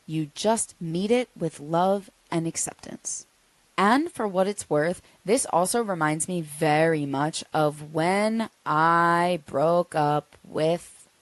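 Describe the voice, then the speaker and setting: A woman hosts her own podcast, talking listeners through hard feelings in an earnest, coaching way. Her voice sits a little low and is recorded close and dry. She softens to a near hush when she says comforting words. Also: dry recording. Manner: earnest, gently coaching, drops to a soft hush when voicing reassurance. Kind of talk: reflective solo podcast talk.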